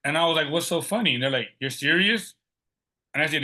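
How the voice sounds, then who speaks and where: Brief: middle-aged man, guest storyteller, bright and forceful tone, acts out what others said. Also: on the high side, a little fast. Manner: lively, acts out quoted dialogue. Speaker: podcast guest. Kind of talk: personal storytelling.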